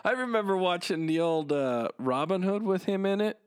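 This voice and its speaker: A man co-hosting a podcast, easygoing and quick to laugh, rambling through plugs with fillers. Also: sits high, animated, clean tone. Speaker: podcast co-host. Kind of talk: casual chat and show plugs.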